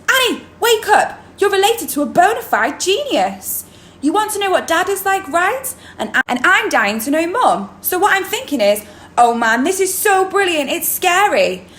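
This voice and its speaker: A woman reading as an excitable ten-year-old tomboy girl who talks in a breathless, boastful, eager way. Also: very high-pitched, pitched above the performer's own voice, heavily acted. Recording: roomy echo.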